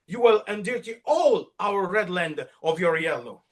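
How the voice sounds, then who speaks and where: A man with an Italian accent voicing Red, a proud, hot-tempered male color, shouting in a storybook tale. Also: high voice, animated, a little slow, voice pushed up. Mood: indignant. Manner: shouting, alarmed.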